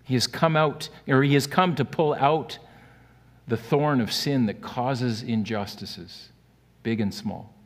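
A man preaching a sermon earnestly, swinging between loud emphatic peaks and quiet, hushed lows. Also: takes it slowly. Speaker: pastor. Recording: long hall reverb.

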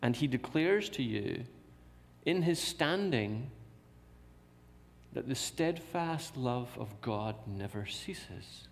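A man's voice: medium pitch, animated, slow, a little hiss or hum. A man preaching a sermon in a church, repeating key phrases and asking rhetorical questions. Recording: long reverb of a large hall.

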